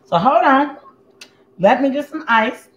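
A woman's voice: high-pitched, lively intonation, measured pace, muffled recording. A woman hosts a casual cooking livestream from her home kitchen, talking to viewers in a blunt, sassy, chatty way. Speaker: cooking show host. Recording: echoey room with faint background noise.

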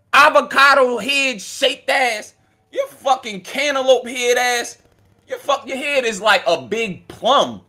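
A man talking casually as a battle rapper, taunting and swearing at a rival in an animated, mocking way. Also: very high voice. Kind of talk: casual trash talk. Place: indoors with friends.

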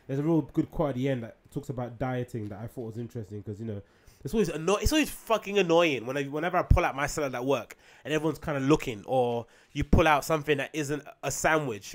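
A man hosting a solo podcast, rambling casually with frequent ums, swearing and rhetorical asides. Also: medium pitch. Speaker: podcast host.

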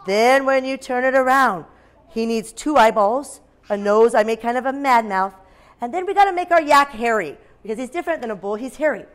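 A woman teacher runs a phonics lesson for young children in an animated, sing-song voice pitched a little high. She lets out dramatic shouts to keep the class playing along. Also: fairly quick.

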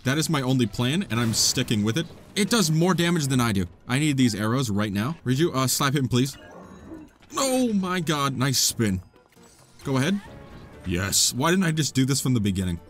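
A young man hosting a let's play, his pitch leaping all over as he jokes and talks to his in-game sidekick. His voice sits in an ordinary middle register. Faint game music plays under him. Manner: animated, joking, talks to game companion. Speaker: gaming channel host.

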